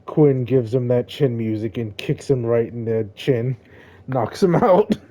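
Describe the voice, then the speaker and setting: A man runs a tabletop role-playing game, narrating the action and calling for dice rolls. His voice is mellow and dark in tone, and he laughs easily as he talks. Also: mid-range voice, unhurried. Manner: laughs while narrating, relaxed. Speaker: game master.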